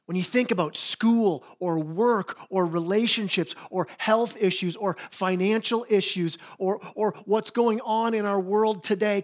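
A man's voice: high voice, steady tone, unhurried, few pauses. A man preaching a sermon as pastor, earnest, often repeating words as he starts a phrase.

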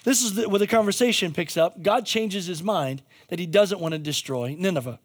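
A man's voice: sits high, a little fast, breathy edge. A male pastor giving a conversational sermon, telling a story with jokey asides and frequent restarts.

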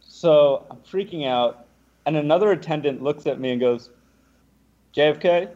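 A young man, a podcast guest, telling a lively anecdote and acting out what the other people said. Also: fairly high pitch, moderate pace, highs cut off. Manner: animated, acts out the other people's lines. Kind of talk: casual storytelling.

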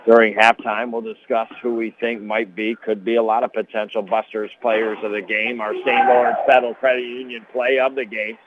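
Man, middle-aged, Upstate New York accent, basketball play-by-play, brisk calls, chatty asides, faint background noise. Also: medium pitch, rough recording. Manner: brisk call with rising excitement on big plays. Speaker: play-by-play commentator. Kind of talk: local sports play-by-play.

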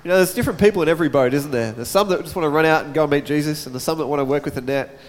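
A pastor with a rather high, rapid-fire voice preaches a sermon and reads scripture, chatting casually with his congregation between verses. A long hall reverb trails his words.

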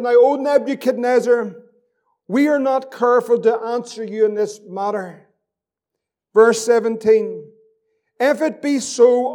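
A man's voice: very high-pitched, darkish tone. A man preaching a fervent sermon as pastor, repeating phrases and reading scripture aloud.

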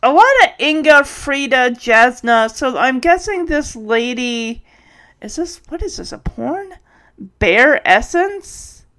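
A woman's voice: high-pitched, animated, slow pace, a bit bright. A woman hosting a casual solo podcast, thinking aloud with many restarts and sounding tired. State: tired, yawning. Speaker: podcast host.

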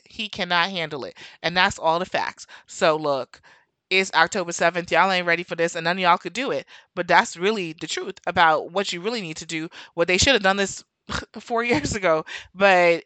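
Chatty New York woman with a bright, forceful voice. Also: lowish voice, a little fast, no echo. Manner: animated, chatty, goes on tangents, laughs often. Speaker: podcast host. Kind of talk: casual opinion monologue.

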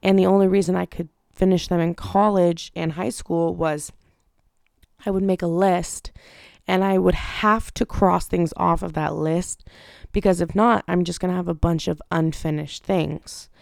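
A woman's voice: on the low side, steady tone, a little slow, gravelly, darkish tone, no echo, clean studio sound. A young woman hosting a casual solo podcast, chatty and rambling with lots of fillers and the odd swear. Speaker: podcast host.

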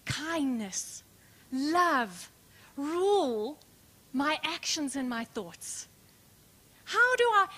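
A woman pastor preaching a sermon, emphatic and questioning, dropping to soft hushed words, calling the congregation her friends. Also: very high voice. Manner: addresses congregation as friends, asks rhetorical questions. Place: church.

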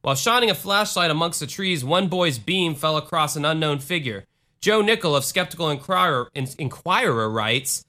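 A man's voice: fairly high pitch, lively intonation, moderate pace, bright, forceful tone. A man from Florida co-hosting a comedy podcast, reading aloud with irreverent, swearing asides. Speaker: podcast co-host. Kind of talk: casual comedic podcast chat.

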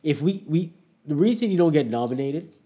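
A man's voice: a little high, big pitch swings, fairly quick, warm tone. A man in his thirties co-hosting a podcast, chatting casually and arguing his opinions with emphasis. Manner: opinionated, emphatic, laughs often. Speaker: podcast co-host. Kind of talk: casual chat.

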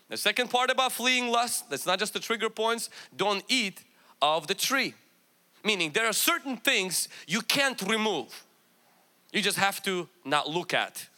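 A man's voice: high-pitched, pushed and bright. A man who is a pastor, telling a personal story with self-mocking humor and then preaching with rising fervor. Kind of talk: sermon.

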